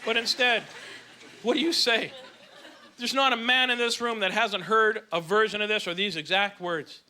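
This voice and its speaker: A middle-aged man doing a loud, self-mocking stand-up set on a comedy club stage, talking into a handheld mic. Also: sits high, fairly even intonation, normal speed. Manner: loud, brash, self-mocking delivery with frequent restarts. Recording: live club set with loud audience laughter.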